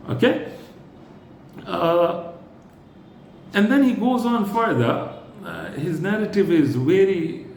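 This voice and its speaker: A man with a fairly high voice delivers a religious lecture, explaining carefully and often pausing to check that his listeners follow. His voice carries a roomy echo, with faint noise in the background. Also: a little mellow.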